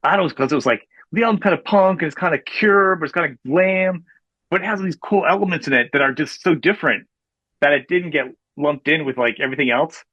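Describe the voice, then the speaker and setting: A male podcast host talks fast and eagerly, circling back through restarts as he gushes about his guest's music. His recording sounds dry and a little dull, with no room around it. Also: on the high side, no room sound. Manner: rapid, rambling, enthusiastic fan talk with many restarts. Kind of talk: casual interview.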